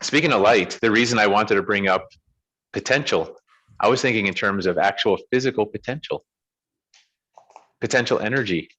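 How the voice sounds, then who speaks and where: A man's voice: fairly low pitch, normal speed, long pauses, a bit bright, breathy edge. A man co-hosting a podcast over a video call, questioning ideas and often restarting his sentences. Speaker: podcast co-host.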